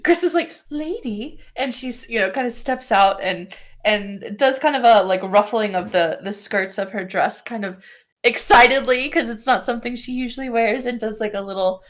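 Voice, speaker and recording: A woman's voice: fairly high pitch, normal speed. A woman player in a tabletop game, loosely describing her character's actions with a giggle. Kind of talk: tabletop role-play.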